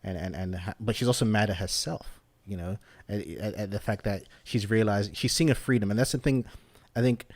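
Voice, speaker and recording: A young man co-hosts a podcast, walking through what happened in a relaxed, conversational way. His voice sits on the lower side. The sound is close and dry, with no room around it. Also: brisk, no room sound. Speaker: podcast co-host. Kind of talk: casual review chat.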